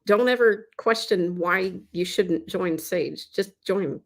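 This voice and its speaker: A woman's voice: fairly low pitch, slow pace. Earnest woman telling a story. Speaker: guest. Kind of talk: casual interview chat.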